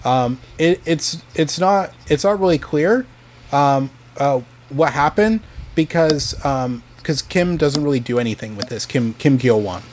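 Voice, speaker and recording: Halting man recounting history, full of fillers. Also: fairly high pitch, lively intonation, a little mellow, slight background noise. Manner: hesitant, many fillers and restarts. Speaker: podcast co-host telling a history story. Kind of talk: casual podcast chat.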